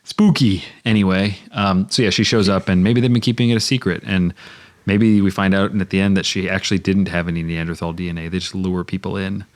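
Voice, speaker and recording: A man's voice: low voice, flat delivery, fast. A man co-hosting a storytelling podcast, chatting casually and trailing off while he looks things up online. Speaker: podcast co-host. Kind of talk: casual brainstorming chat.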